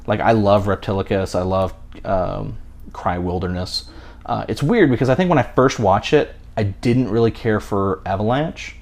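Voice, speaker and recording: Rambling man with a low voice. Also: moderate pace, a little mellow. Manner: rambling, many fillers and restarts. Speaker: podcast co-host. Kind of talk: casual chat.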